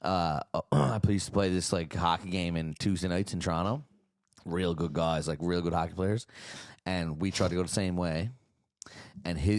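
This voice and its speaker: A man's voice: low voice, dry recording, clean studio sound. A man telling a story in casual chat, often ending his sentences with a tag question. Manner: relaxed, tags sentences with "right?". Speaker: podcast host.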